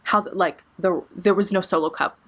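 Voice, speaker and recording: A woman's voice: fairly low pitch, fairly even intonation, normal speed. A young adult woman vlogger telling a story in a casual way, swearing a lot and using many filler words. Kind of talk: storytime vlog.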